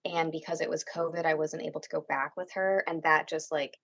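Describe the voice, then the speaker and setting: A woman guest on a casual podcast, speaking in a reflective, halting way. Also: sits low, level tone, creaky, fairly bright tone, no echo, muffled recording.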